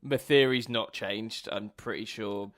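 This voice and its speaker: A man's voice: fairly low pitch, a little slow, fairly bright tone, no echo. A man co-hosting a podcast in casual chat, making dry, wry remarks. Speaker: podcast co-host.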